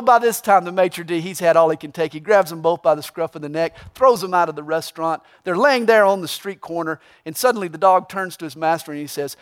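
High-voiced man preaching a sermon. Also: fairly quick, hardly any pauses. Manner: preaching with humor, tells a joke with rising excitement. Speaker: pastor.

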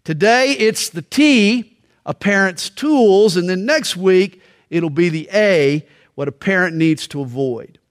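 A middle-aged man preaching a sermon on parenting, telling stories with dramatic pauses and slow, weighty emphasis. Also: sits high, expressive. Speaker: pastor.

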